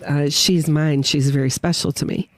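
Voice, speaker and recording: A woman's voice: deep voice, normal speed. A woman guest on a podcast, telling a personal story with feeling and acting out what people said. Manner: animated, emotional storyteller who acts out quotes. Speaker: guest witness. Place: winery.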